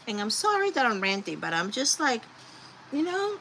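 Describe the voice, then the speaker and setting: Her pitch sits fairly high and her speed is normal as she runs a casual crafting livestream, rambling and chatting to her audience mid-project. Steady background noise runs through the low-quality recording.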